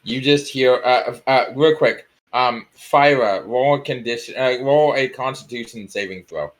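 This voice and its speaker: Male game master, mid-pitched voice, casual teasing delivery. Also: unhurried, low-quality recording. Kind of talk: narrating a tabletop game.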